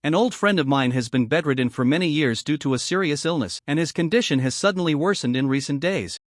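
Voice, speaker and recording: A man voicing a wealthy, flattering old man in a narrated storybook recap, speaking in a deferential, courteous way. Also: fairly high pitch, fast, no echo, studio quality, close to an everyday voice.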